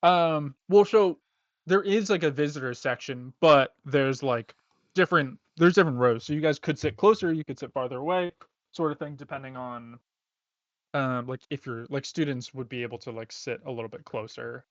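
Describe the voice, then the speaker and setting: A man's voice: medium pitch, normal speed, no echo. A man narrating a tabletop game as game master, in a laid-back, rambling way with many fillers, heard on a dull, lo-fi recording.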